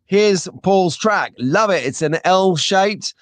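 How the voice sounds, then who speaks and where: A man hosting a casual live stream, chatting excitably and reading out viewer comments, sometimes getting frantic and loud. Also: high-pitched, slow, dry recording. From England.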